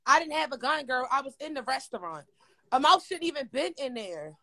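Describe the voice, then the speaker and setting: A woman's voice: sits high, brisk. A woman telling a long, profane story in casual chat, repeating words for effect. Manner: animated, profane, repetitive storytelling. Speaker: storyteller on a livestream.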